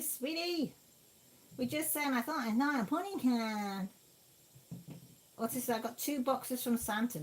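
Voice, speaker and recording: A woman's voice: on the high side, slight background noise. Chatty woman reading out viewer comments. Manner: chatty, reads out viewer messages and replies warmly. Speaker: livestream host.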